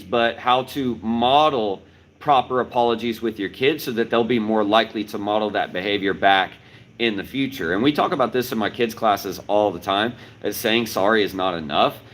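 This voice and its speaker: Low-voiced man teaching. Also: brisk, a bit bright, rough recording. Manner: explanatory, repeats key points with "right?". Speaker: martial arts instructor. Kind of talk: livestreamed talk to viewers.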